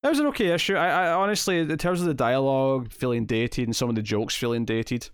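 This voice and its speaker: A man's voice: medium pitch, lively intonation, fast talker, clear, resonant tone, no echo, studio quality. A Scottish man co-hosting a casual comic review chat, blunt and opinionated, with lots of fillers. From Scotland. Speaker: podcast co-host.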